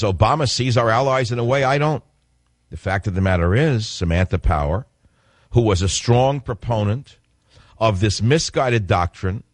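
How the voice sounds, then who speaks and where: A low-voiced man delivers a political radio monologue with insistent emphasis, hammering key phrases twice. The sound is dry and close, straight from a studio microphone. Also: no echo. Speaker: radio talk show host.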